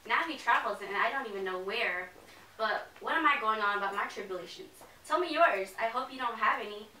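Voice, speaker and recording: A woman's voice: on the high side, expressive, brisk, sharp tone. A young woman playing a fussy, chatty faded Southern belle mother in an amateur play, gushing and rambling in a genteel way. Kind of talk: amateur stage play reading. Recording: echoey room, mic from far off, faint hiss.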